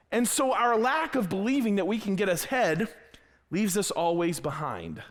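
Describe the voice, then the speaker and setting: A man preaching a sermon in a church, telling a personal story with lively quoted dialogue in a conversational way. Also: extremely high pitch. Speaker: pastor. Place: church sanctuary.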